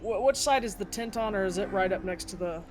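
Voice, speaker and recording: A man's voice: high-pitched, quick pace. A man playing a tabletop game in casual talk, asking hesitant questions with fillers. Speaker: player.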